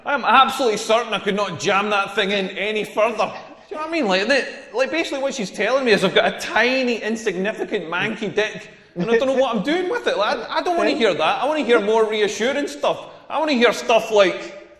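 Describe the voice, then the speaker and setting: A Scottish man in his forties telling wry, self-mocking stand-up stories with quick put-on voices. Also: sits high, expressive, a bit bright. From Scotland. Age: 40s. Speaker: stand-up comedian. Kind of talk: stand-up comedy set. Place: comedy club stage, echoey room. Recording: echoey hall with long reverb.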